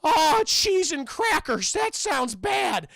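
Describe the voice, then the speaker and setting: A man's voice: very high voice, sing-song, takes it slowly, creaky, fairly bright tone, dry recording, voice pushed up, heavily acted. A man voicing a nervous, dopey young male soldier who stammers through every sentence. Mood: flustered. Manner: stammering, jittery.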